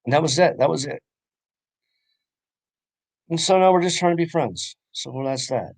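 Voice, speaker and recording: A man's voice: on the high side, moderate pace, vocal fry, darkish tone. A young man rambling through a personal story in a casual chat, with lots of fillers and swearing. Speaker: podcast co-host.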